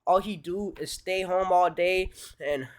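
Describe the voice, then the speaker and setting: A man reacting to a video as a streamer, talking excitably in slang and repeating his phrases. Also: high voice, measured pace, clean tone. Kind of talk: casual reaction commentary. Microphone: streaming mic.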